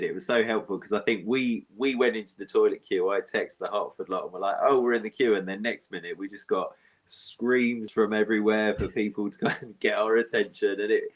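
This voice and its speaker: A man with a fairly low voice, talking things over easily with his co-host. He is relaxed and thoughtful, in plain casual chat. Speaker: podcast co-host.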